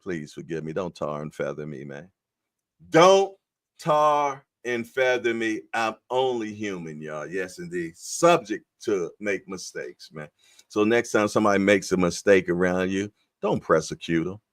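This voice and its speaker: A man's voice: low voice, animated, normal speed, no room sound, clean studio sound. A man hosting a casual live-stream boxing show, talking in laid-back slangy banter. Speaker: boxing news show host.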